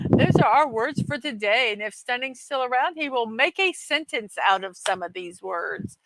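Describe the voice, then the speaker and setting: A woman's voice: on the high side, animated, moderate pace, heavy background noise. A woman hosting a daily morning livestream in casual chat, reading viewer comments aloud with easy laughter and poking fun at herself. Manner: chatty and self-deprecating, laughs often, reads chat aloud.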